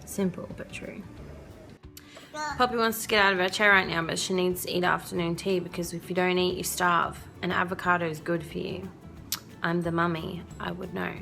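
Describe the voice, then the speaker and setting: Earnest young mum with gravelly edge. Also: female voice, on the low side, fairly even intonation, moderate pace, sharp tone, soft background music. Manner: chatty, earnest, laughs often. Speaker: vlogger and mother. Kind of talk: casual parenting advice vlog.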